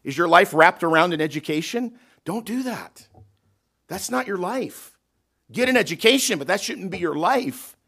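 A man pastor preaching a sermon in a church, emphatic and folksy, swinging between loud, stretched-out lines and quiet asides while asking the congregation questions. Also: sits high, lively intonation, moderate pace, creaky, husky. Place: church sanctuary.

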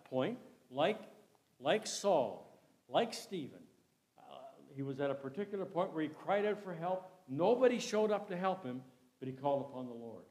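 A man preaching a sermon, reading King James verses aloud and swinging between loud and soft delivery. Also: on the high side.

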